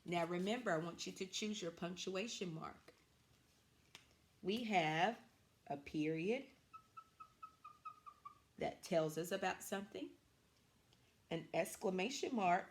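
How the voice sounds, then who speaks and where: Teaching reading online to young children, a woman speaks in a low-leaning voice, stretching her words out clearly at a slow, encouraging pace.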